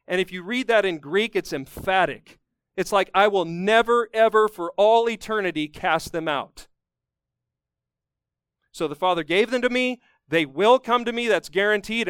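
High-voiced man preaching emphatically. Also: fairly bright tone, smooth, no echo, studio quality. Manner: emphatic preaching, rising to fervent peaks then dropping low. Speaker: pastor. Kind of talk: sermon.

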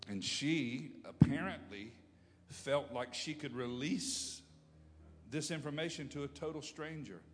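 A man preaching a sermon as pastor of his church, impassioned, moving between loud calls and low, quiet storytelling. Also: measured pace. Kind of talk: sermon with prayer. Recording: long hall reverb.

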